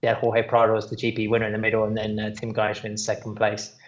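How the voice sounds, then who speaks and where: A man's voice: on the low side, completely flat delivery, fast talker, dull audio. A British man who is a guest on a podcast, telling long anecdotes in a rambling way with plenty of fillers. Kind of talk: casual podcast chat.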